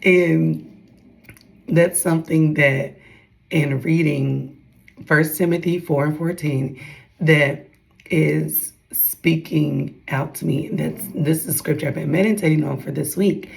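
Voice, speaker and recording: A woman's voice: low voice, steady tone, takes it slowly, creaky, pauses often, a little mellow, poor audio. A young woman giving a casual devotional talk to her followers, chatty and calling out to her viewers, acting out others' voices as she retells talks. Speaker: faith vlogger.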